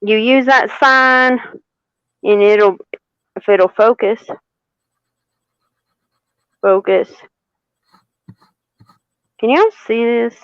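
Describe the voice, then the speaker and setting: A woman giving a live tarot reading, unhurried and repeating phrases for emphasis. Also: a little high, a bit bright, clear, resonant tone, dry recording, dull audio. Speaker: tarot reader.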